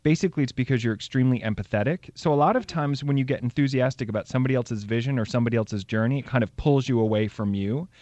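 A man's voice: medium pitch, quick pace, hardly any pauses, darkish tone, no echo, muffled recording. A man hosting a call-in radio show and giving psychic readings, chatty and upbeat, laughing easily. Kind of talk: casual call-in radio talk.

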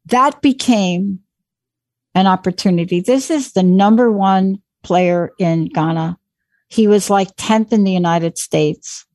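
A woman in her forties, a guest speaker telling an animated, motivational story. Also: medium pitch, slow pace, no room sound. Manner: animated, acts out quoted voices.

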